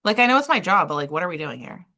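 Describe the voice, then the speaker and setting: A woman's voice: fairly low pitch, sing-song, racing, bright, forceful tone. A young woman co-hosting a podcast, a waxer in casual chat who laughs often and acts out quotes from a story.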